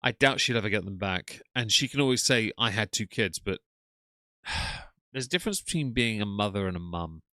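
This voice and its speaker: A man's voice: on the low side, lively intonation, normal speed, sharp tone, no room sound, studio quality. A man chatting casually on a live stream, reacting to clips and reading out chat names with frequent ums.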